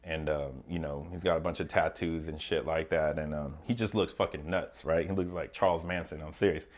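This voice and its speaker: A man's voice: a bass voice, steady tone, a little fast. A man casually telling his prison story to the camera, loose and profane, with many fillers and asides.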